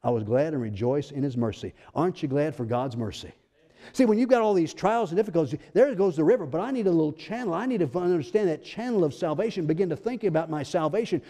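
A man's voice: a little high, animated, fast talker, dark tone. Man preaching in a reverberant church. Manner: preaching with rising emphasis and rhetorical questions. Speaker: pastor. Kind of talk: sermon. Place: church sanctuary. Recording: long church-hall reverb.

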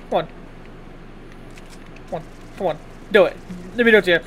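Over slight background noise, a young man commentates live gameplay for his YouTube channel in a brisk, high-sitting voice. He's excitable and taunting, frequently yelling at other players.

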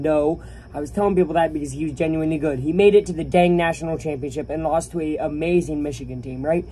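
A man talks straight to his viewers in an animated, opinionated sports rant. His tone is mellow and dark. A faint hiss sits behind the recording. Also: fairly high pitch, fast. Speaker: YouTuber. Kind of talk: casual sports rant to camera.

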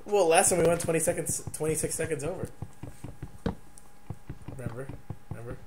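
A man's voice: a little high, fairly quick. A man co-hosting a gameplay commentary, making dry, teasing remarks. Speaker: let's play co-host. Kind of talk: gaming commentary. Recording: loud background hiss.

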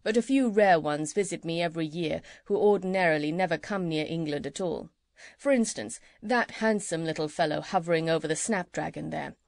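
A woman's voice: sits low, brisk, gravelly, no room sound, studio quality. Woman doing a kindly old-fashioned country doctor. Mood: fond, chatty. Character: kindly middle-aged male country doctor, gentle.

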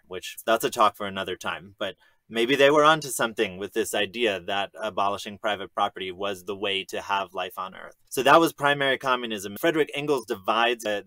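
A man giving an earnest, measured history lecture on his own, now and then restarting a phrase. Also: lowish voice, fairly bright tone, no echo. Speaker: educator presenting a history lecture. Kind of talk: explanatory lecture monologue.

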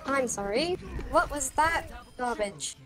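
A woman's voice: high-pitched, animated, slow pace, fairly bright tone. A woman gaming with friends over voice chat, giggling and quoting game lines. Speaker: gamer in voice chat. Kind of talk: casual gaming banter. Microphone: online voice chat.

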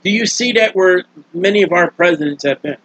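A man's voice: brisk, fairly bright tone, no echo. A man preaching a sermon in a folksy, scolding way. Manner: folksy, scolding, acts out quoted voices. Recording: dull, dry, low-fidelity recording.

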